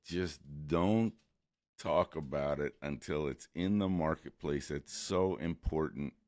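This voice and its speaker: A man hosting a podcast in casual chat, with a gravelly voice, agreeable and quick to affirm his guest. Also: a bass voice, a little mellow, no room sound. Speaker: podcast host.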